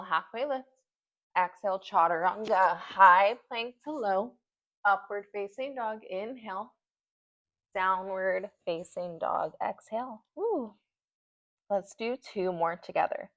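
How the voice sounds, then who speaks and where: A woman's voice: medium pitch, measured pace, fairly bright tone, muffled recording. A woman leading a yoga class at home, giving short breath-paced cues while doing the poses and getting out of breath. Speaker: yoga instructor.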